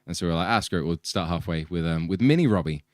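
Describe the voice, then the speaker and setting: A man's voice: low voice, rapid-fire, no echo, studio quality. A young man in a band, casually chatting and hosting a livestream with his bandmates. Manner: chatty, laughs often, says he is sleepy. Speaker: band member hosting the stream.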